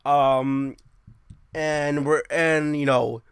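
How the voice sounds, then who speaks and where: A young man hosting his own show, ranting in a brash, profane, animated way. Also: a little high, drawn-out words, clean tone, no echo. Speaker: show host. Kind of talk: casual ranting monologue.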